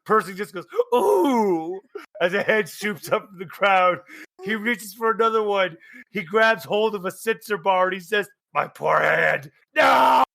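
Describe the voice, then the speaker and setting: A man narrating as game master, laughing often and tossing in quick character voices. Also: high-pitched, fairly even intonation, pushed and bright.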